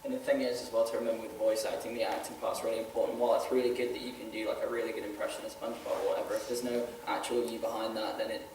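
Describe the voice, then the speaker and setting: A man's voice: fairly low pitch, little pitch movement, racing, few pauses, darkish tone. A British man, a panelist explaining things eagerly on a convention panel. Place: convention hall. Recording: echoey hall from far off, faint noise.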